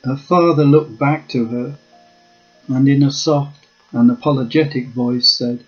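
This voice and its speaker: A man telling a memoir story in a slow, measured reading voice. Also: medium pitch, fairly even intonation. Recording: dull lo-fi with faint guitar.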